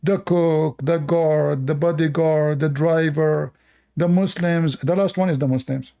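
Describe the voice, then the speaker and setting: A man's voice: on the high side, fairly even intonation, measured pace, creaky, mellow. A man from the Middle East hosting casual commentary, rambling bluntly and crudely with many fillers and restarts. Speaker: host.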